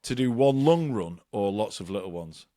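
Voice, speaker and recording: A man co-hosting a podcast, telling lively stories in a casual chat. His pitch swings widely as he acts out quoted lines. The sound is dry and close to the mic. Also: moderate pace, no echo. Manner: animated storyteller, acts out quotes. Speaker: podcast co-host.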